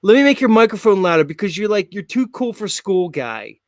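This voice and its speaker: A man's voice: sits high, sing-song, fairly quick, dry recording, clean studio sound. A man in his forties hosting a casual live show, rambling with many fillers and frequent laughs. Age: 40s. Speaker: show host.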